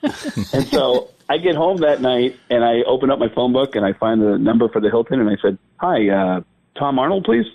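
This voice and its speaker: A male stand-up comedian tells animated stories full of impressions, laughing along as he goes. His voice is mid-range and a little fast, and the recording quality is low.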